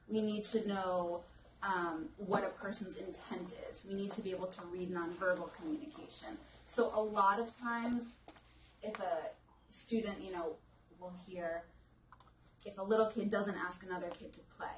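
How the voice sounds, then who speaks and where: A woman's voice: medium pitch, slight background noise. Echoey, distant woman speech pathologist lecturing. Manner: conversational, acts out children's and parents' lines. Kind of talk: live talk to an audience. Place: lecture room with audience. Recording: echoey room recorded from a distance.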